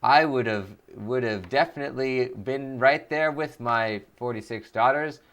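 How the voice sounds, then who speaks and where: A man puts on a pompous, centuries-old elf lord who rambles and boasts in a slow, drawn-out voice. The voice is smooth and clear, pitched a touch higher than everyday speech, with an even, middling register. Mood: boastful. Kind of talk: comic improvised character voice.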